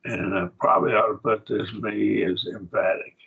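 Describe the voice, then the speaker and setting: A man's voice: lowish voice, steady tone, moderate pace, vocal fry, slightly rough, narrow, tinny audio. A man with an Oklahoma accent teaching a Bible class in a classroom, talking casually and quizzing his students.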